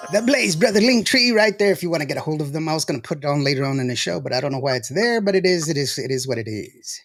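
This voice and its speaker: A man hosting a casual show, chatty and laughing often as he tells stories. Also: fairly high pitch. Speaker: show host. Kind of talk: casual livestream chat.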